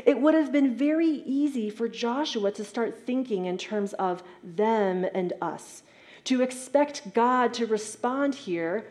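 A woman's voice: a little high, lively intonation, slow pace, a little mellow. A woman preacher giving a sermon in a conversational, explanatory manner.

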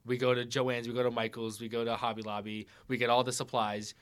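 Rambling young man in his twenties, bright voice. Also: mid-range voice, flat delivery, brisk, clear, resonant tone. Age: 20s. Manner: rambling storyteller, many "like" fillers. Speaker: podcast guest, editor. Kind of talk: casual chat.

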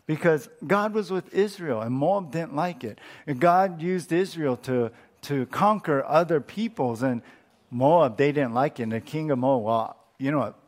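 A man pastor teaching through a Bible passage in a conversational, animated way, with frequent restarts. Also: fairly high pitch, a little slow. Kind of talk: expository Bible teaching sermon.

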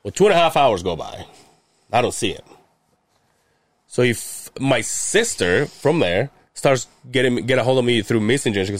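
A man's voice: medium pitch, normal speed, no echo. Guy ranting a family story on a podcast, swears a ton, dry mic. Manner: animated, swears a lot, acts out quotes. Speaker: podcast host. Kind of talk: casual storytelling chat.

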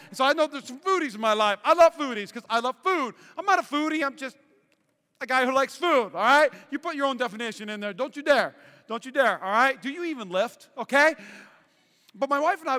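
Pastor, male, animated storyteller; high bright voice, church hall reverb. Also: clean tone. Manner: animated storytelling with playful asides. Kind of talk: sermon. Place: church sanctuary.

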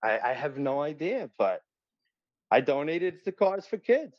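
A middle-aged man, telling a story in an animated, profane way and acting out other voices. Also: on the high side, a little slow, dry recording, muffled recording. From Long Island, New York. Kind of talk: casual storytelling.

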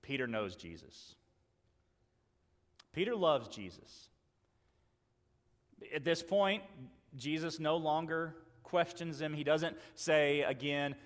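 A man preaching a sermon, earnestly acting out the dialogue he quotes and moving between loud emphasis and quiet asides. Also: fairly high pitch, animated, slow pace, long pauses, long reverb tail. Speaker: pastor.

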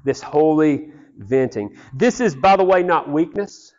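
A man's voice: on the high side, animated, unhurried, a little mellow, long reverb tail, dull audio. A man preaching a sermon as pastor, earnest and conversational, often repeating phrases for emphasis.

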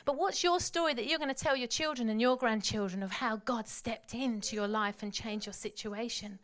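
A woman preaching a sermon, telling the story dramatically and swinging from hushed tones to loud calls. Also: fairly high pitch, normal speed.

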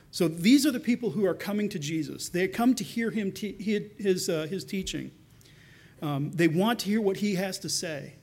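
A man preaching a sermon with a fairly high voice. He talks in an easy, conversational way, breaking off to restart phrases and putting rhetorical questions to his listeners. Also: darkish tone. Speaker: pastor.

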